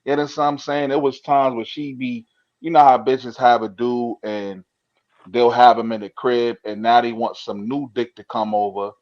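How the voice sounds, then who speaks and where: A man telling a story in casual chat, relaxed and rambling with restarts. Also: mid-range voice, normal speed. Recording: dull lo-fi audio.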